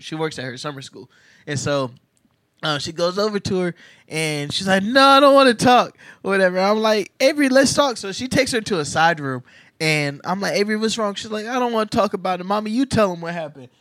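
A young man co-hosting a podcast, telling a story in casual chat and acting out the quotes loudly. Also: a little high, no echo, clean studio sound. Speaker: podcast co-host.

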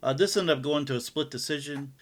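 A man's voice: on the high side, fast. Laid-back man running through fights. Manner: laid-back, laughs along, rundown of the fights. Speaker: podcast co-host. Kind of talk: casual fight recap chat.

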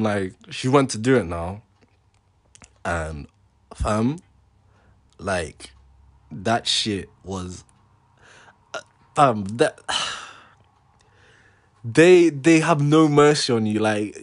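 A young man, casually telling an animated, slang-filled story with laughter. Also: medium pitch.

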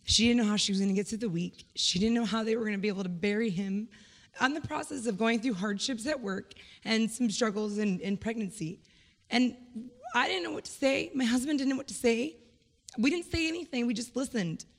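A woman's voice: a little high, fairly quick. A woman sharing a heartfelt personal testimony at church, speaking earnestly and conversationally. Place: church hall. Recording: echoey hall reverb.

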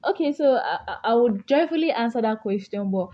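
A woman's voice: on the high side, expressive, fairly quick, highs cut off. A young woman co-hosting a casual morning talk show, playful and joking, easily flustered. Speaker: co-host.

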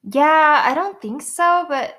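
A woman's voice: high-pitched, expressive, slow, fairly bright tone. Woman chiming in with dry asides. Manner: short reactive interjections, dry asides. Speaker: podcast co-host. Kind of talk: casual chat.

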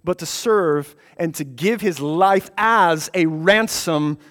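High-voiced slow preacher in reverberant hall. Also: male voice. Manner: emphatic, repeats phrases for stress, builds to loud passionate peaks. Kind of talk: sermon.

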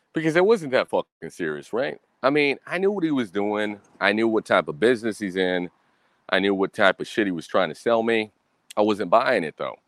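A young American man tells a story in a casual monologue, blunt and full of swearing. His voice sits on the low side but jumps around a lot in pitch, and he keeps tossing in "right?" The recording is dry and close, with little room sound. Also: a bit bright, no echo. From United States. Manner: blunt, profane, ranting.

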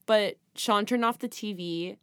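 Woman, chatty podcast co-host, mid pitch, dry close mic, giggly. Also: unhurried, smooth, dry recording. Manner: chatty, laughing, lots of "like" and "you guys". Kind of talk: casual chat.

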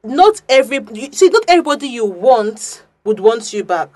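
A young woman, co-hosting a podcast and telling a story in casual chat, animated, swearing and restarting her sentences often. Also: a little high, moderate pace. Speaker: podcast co-host.

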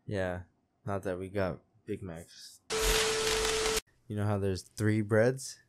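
A man's voice: on the low side, level tone, takes it slowly, very noisy. A young man co-hosting a podcast in casual, profane banter. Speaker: podcast co-host. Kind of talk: casual chat.

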